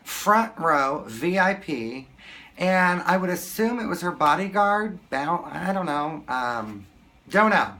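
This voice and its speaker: A man telling a story to camera in a casual vlog, excited and gushing, often restarting his sentences. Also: sits high, slow pace. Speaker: vlogger.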